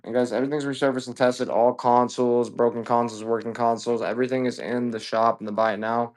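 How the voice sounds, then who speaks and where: A man at an ordinary, middling pitch hosts a live sale of video games. He talks in a loose, casual way, swears freely and rattles off greetings to viewers between items. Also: flat delivery, darkish tone. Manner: loose and profane, greets viewers rapid-fire. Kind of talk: casual live-selling chat.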